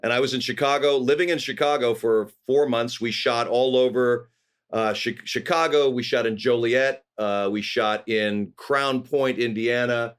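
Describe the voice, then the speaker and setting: A middle-aged man from California, a guest actor telling lively anecdotes in an interview and acting out the people he quotes. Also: mid-range voice, normal speed, clear, resonant tone. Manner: animated anecdotes with voiced quotes. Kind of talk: storytelling interview.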